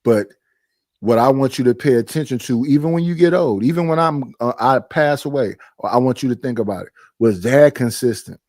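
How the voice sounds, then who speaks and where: A man's voice: medium pitch, moderate pace, dry recording. A middle-aged man talks through a casual stream chat in a mid-range voice. He speaks emphatically, circling back and repeating his points. The sound is dry and close. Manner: emphatic, animated storytelling with frequent repetitions. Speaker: stream host.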